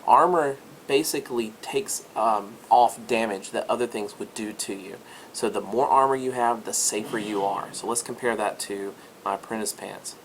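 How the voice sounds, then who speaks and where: A man's voice: on the low side, normal speed, slight background noise. A man walking through a video game step by step as a teaching demonstration, in an upbeat, chatty way. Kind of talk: screen-recorded game tutorial.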